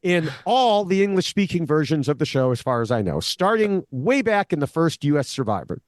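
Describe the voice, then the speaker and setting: Guy cohosting a tv recap podcast, lively up-and-down voice, laughs a lot, dry close sound. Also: fairly high pitch, brisk, dry recording. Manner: animated recapping, laughs often. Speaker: podcast co-host, Survivor expert. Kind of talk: casual podcast chat.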